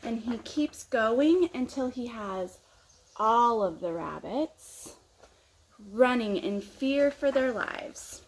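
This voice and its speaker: A woman leading children's story time at church with expressive storytelling. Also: fairly high pitch, slow, rough recording.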